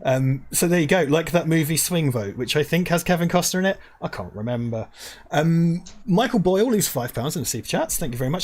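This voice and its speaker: A man's voice: a little high, lively intonation, brisk, hardly any pauses, a little mellow. Rambling jokey male stream host. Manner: jokey, rambling, stumbles over restarts. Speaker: co-host of a movie watch-party stream. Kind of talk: casual live-stream chat with mock announcements. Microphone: lavalier mic.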